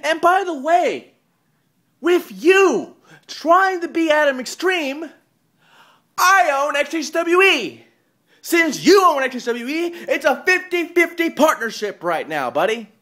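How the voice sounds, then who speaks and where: Taunting man with a lively, swinging voice. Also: slow. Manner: taunting and profane, swinging between loud jeers and low mutters. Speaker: online wrestling promo host. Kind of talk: profane wrestling-style promo rant.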